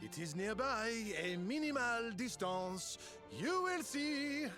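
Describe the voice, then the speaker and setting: A man's voice: very high-pitched, very animated, slow, full character voice. An actor voicing a flamboyant, pompous male school headmaster in a game, using a put-on French accent and tossing in French words. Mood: grandiose. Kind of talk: video game voice acting. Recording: game voice with loud music. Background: game music.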